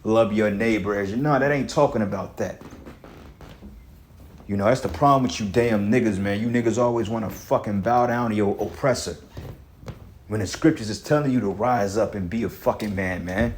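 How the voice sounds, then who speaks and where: A man's voice: lowish voice, normal speed, a little hiss or hum. A man teaching scripture on a livestream, ranting heatedly and profanely, tagging lines with fillers. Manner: repetitive fillers, frequent "man". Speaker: preacher.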